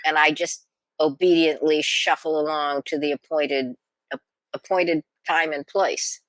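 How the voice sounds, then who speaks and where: A woman's voice: deep voice, steady tone, a little slow, fairly bright tone, dry recording. Wry older woman co-host. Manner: wry, dry humor. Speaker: podcast co-host. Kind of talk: casual chat. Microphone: computer microphone.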